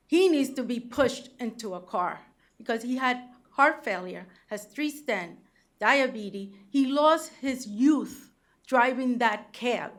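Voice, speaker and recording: An older woman from Cuba testifies at a public hearing about her taxi medallion. Her voice sits high and she speaks slowly. She sounds emotional and pleading throughout. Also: fairly bright tone.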